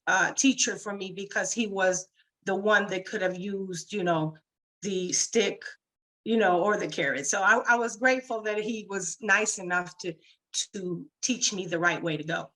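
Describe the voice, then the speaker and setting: Woman, business owner guest, bright tense tone, rambling with "you know"s, casual interview. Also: medium pitch, normal speed, poor audio. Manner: chatty, peppered with "you know". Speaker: small business founder, guest.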